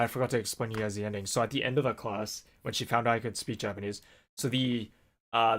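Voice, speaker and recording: A man's voice: medium pitch, a bit bright. A man vlogging in a casual, rambling way, with many fillers and restarts as he tells a story. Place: Japan.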